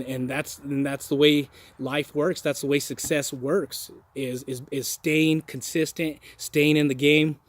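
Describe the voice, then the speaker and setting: A man's voice: fairly high pitch, no echo. A man giving a casual motivational talk to his viewers, folksy and earnest, often restarting and repeating words. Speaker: motivational vlogger.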